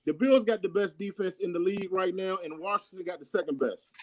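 A man co-hosting a casual sports chat, loud and brash, teasing viewers by name as he reads their picks. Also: high voice, a little fast. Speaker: co-host reading viewer comments.

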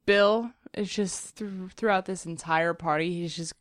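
Woman chatting about a tv episode, low voice, dry mic, laughs a lot, blunt. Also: steady tone, unhurried, no echo. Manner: wry, laughs often, blunt opinions. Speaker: podcast co-host. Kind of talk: casual TV recap chat.

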